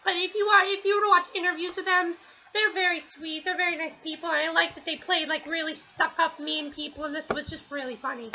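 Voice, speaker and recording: Very high, bright-voiced woman rambling. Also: steady tone, a little fast, muffled recording, slight background noise. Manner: rambling, many fillers and restarts. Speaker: TV episode reviewer. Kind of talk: casual spoken review. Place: at home.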